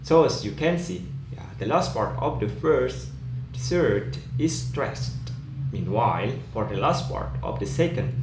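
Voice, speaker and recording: A man teaching English word stress in a slow, explanatory lecture, often adding "yeah". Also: mid-range voice, lively intonation, vocal fry. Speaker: pronunciation teacher. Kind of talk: recorded lecture. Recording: echoey room, faint ambient noise.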